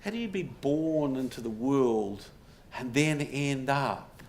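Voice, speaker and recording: A man's voice: mid-range voice, lively intonation, takes it slowly. A man giving a public talk to a live audience in a pub, telling stories with wry humour and rhetorical questions. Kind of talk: public lecture. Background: audience laughter, faint room noise.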